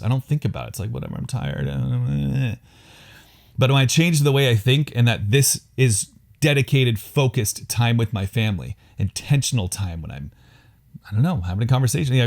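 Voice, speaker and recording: Guy ranting about being a better husband, jokes at his own expense, really animated voice. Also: mid-range voice. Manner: candid, self-mocking, animated. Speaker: vlogger giving marriage advice. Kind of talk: casual self-deprecating talk to camera.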